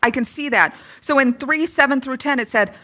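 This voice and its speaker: Bright-voiced woman in her thirties giving a testimony. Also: high voice, moderate pace. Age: 30s. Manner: candid and self-deprecating, lively when retelling. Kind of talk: personal testimony and Bible teaching.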